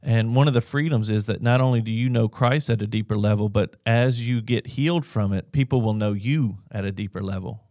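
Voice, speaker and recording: A man's voice: on the low side, brisk, few pauses, darkish tone, no echo, studio quality. A man co-hosting a Christian livestream, speaking earnestly and encouraging viewers to respond in the chat. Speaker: co-host of a faith livestream. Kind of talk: conversational Christian teaching.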